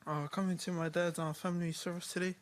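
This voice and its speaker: A young man giving a eulogy for his father at a family funeral service in a chapel. He speaks hesitantly, pausing often and filling the gaps with filler sounds. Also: high voice, level tone, a little hiss or hum.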